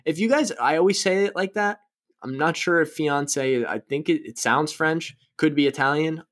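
A man's voice: fairly high pitch, moderate pace, fairly bright tone. A young man hosting a podcast on his own, chatting casually in a rambling, profane, self-mocking way. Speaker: podcast host. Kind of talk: casual solo podcast chat.

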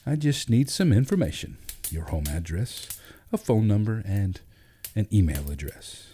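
A man voicing a flustered, polite female librarian who speaks briskly. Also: lowish voice, expressive, warm tone, a little hiss or hum, lightly acted.

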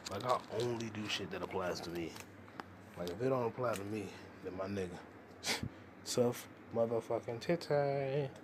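A man's voice: deep voice, a little fast, background noise. A young man hosting a podcast alone, rambling in a crude, profane, joking stream of consciousness. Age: young adult. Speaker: podcast host. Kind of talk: casual solo rambling.

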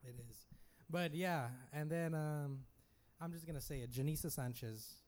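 A young man from West Texas co-hosting a casual podcast chat, telling animated stories and mimicking other people's voices. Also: on the high side, moderate pace. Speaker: podcast co-host.

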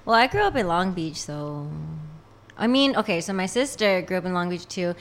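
A woman co-hosting a casual podcast chat, expressive as she tells a story. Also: on the low side, moderate pace. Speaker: co-host.

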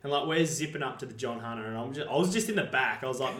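A young Australian man telling casual stories, animated and laughing at his own yarns. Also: mid-range voice, quick pace. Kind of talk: casual storytelling. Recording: echoey room.

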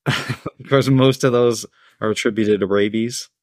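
A man's voice: lowish voice, steady tone, unhurried, a little mellow, no echo. Dry, close-miked man telling a story. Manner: laid-back, reading with asides and chuckles. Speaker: podcast host. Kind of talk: casual storytelling from a script.

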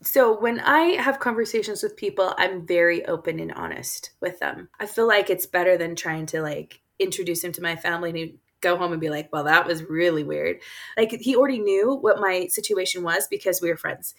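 A woman's voice: lowish voice, fairly quick, gravelly, a bit bright. Earnest woman telling a personal story. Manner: earnest storytelling with frequent laughs and fillers. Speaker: guest author. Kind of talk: casual interview talk.

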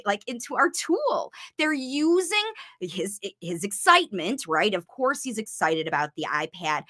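A woman hosting her channel, answering parents' comments in casual talk, excitable and emotional. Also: high-pitched. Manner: emotional, excitable, gets teary. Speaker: channel host, speech coach for parents.

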